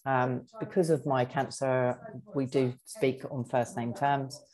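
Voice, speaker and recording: A middle-aged woman, candidly telling a personal story in conversation, halting with frequent ums. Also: extremely low pitch, flat delivery, darkish tone, low-quality recording. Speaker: guest sharing her story.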